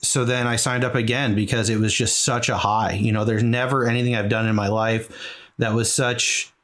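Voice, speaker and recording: This charity marathon runner talks at normal speed in a level, mid-range voice with a bit of brightness. He's a middle-aged man from New England, a guest in an interview, telling a lengthy personal story that wanders earnestly and leans on fillers.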